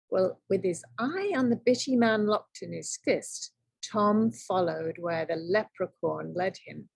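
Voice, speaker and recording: A woman teacher reading a picture book aloud to children, telling it in an expressive, dramatic way. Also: mid-range voice, unhurried, vocal fry, husky, no echo.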